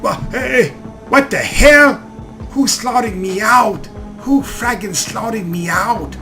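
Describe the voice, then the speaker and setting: A man's voice: high voice, takes it slowly, creaky, bright, forceful tone, soft background music, pitched above the performer's own voice, exaggerated voice. A man voicing a strung-out young male addict who slurs and rants while reading game dialogue aloud. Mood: confused. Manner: slurred, ranting.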